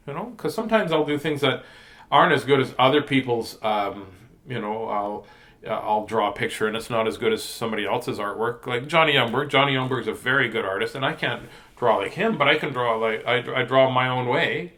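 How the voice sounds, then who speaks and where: A man's voice: medium pitch, fairly quick, fairly bright tone. A man hosting a children's storytime, reading picture books and chatting in a playful, silly, joking way. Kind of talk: storytime reading and rambling chat.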